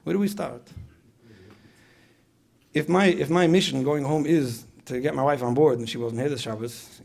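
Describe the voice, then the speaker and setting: Gravelly fast-talking male lecturer. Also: medium pitch, a little mellow. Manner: repeats phrases, asks the audience questions. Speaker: speaker at a parenting retreat. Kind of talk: conversational lecture.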